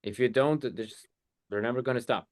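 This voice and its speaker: Man, sales coach, blunt, emphatic, mid-pitched, video call. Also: brisk, no room sound, studio quality.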